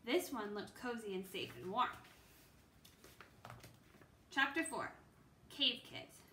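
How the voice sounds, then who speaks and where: A woman reading a children's chapter book aloud in a steady storytelling way. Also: a little high, takes it slowly, slight background noise. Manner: steady storytelling with small slips. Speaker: reader. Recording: roomy with faint ambience.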